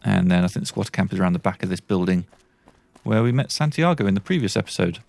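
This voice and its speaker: A British man talking through a video game in a casual, rambling way. His voice is lowish and gravelly, and he laughs at his own awkwardness. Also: animated, quick pace, darkish tone, no echo. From Britain. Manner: awkward, self-deprecating, rambling. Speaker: let's play host. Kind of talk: casual gameplay commentary.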